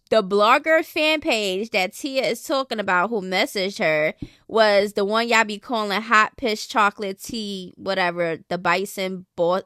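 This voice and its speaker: A woman's voice: mid-range voice, fairly bright tone, smooth. A woman hosting a gossip channel, giving casual, blunt and opinionated commentary in a sassy manner.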